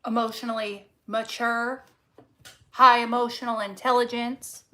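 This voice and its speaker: A woman's voice: a little high, level tone, unhurried, background noise. A woman reading tarot cards casually to camera, fervent and encouraging, swearing freely and repeating words for emphasis. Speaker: tarot reader.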